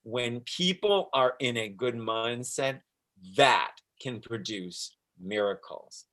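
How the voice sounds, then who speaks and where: A man's voice: medium pitch, lively intonation, slow pace, fairly bright tone. A man recounting his experience as an interview guest, telling it animatedly, acting out the dialogue and laughing often. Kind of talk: casual storytelling interview.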